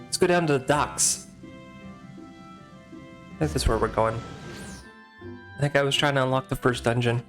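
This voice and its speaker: Male game streamer chatting casually, self-mocking and unsure, mid-pitched voice, faint game music behind. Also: moderate pace, pauses often, a bit bright. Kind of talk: live-stream gameplay commentary.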